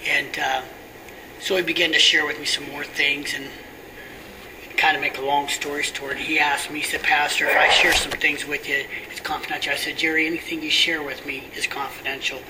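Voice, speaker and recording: A middle-aged pastor telling a story in a sermon, often sinking to a hushed near-whisper. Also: male voice, on the high side, normal speed. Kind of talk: sermon testimony. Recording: distant mic with steady air conditioning hum.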